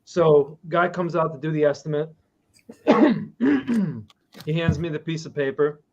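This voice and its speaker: Man, casual chat host, storyteller, slightly high voice, muffled lo-fi sound. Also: unhurried, gravelly. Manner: animated storyteller, acts out quotes.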